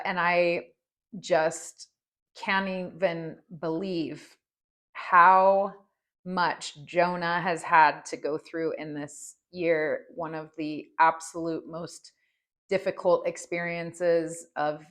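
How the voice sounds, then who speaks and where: A woman in her forties hosts a reflective personal podcast. Her voice sits a little low, and she talks slowly and earnestly. She shares her thoughts with a heartfelt openness. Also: a bit bright. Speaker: podcast host.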